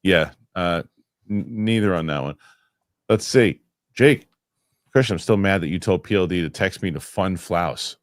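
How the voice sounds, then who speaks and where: A man's voice: low voice, moderate pace, no echo, clean studio sound. A man hosting a live show and reading viewer comments aloud. He rambles, corrects himself and gets worked up over his pet peeves. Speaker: show host.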